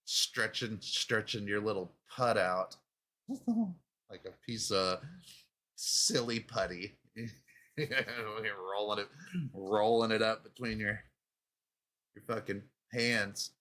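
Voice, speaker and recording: A slow-talking man in his fifties rants through a crude, profanity-laced comedy monologue. He rambles from thought to thought and laughs at his own slips. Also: on the low side, fairly even intonation, pushed and bright. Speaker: show host. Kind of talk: comedic rant.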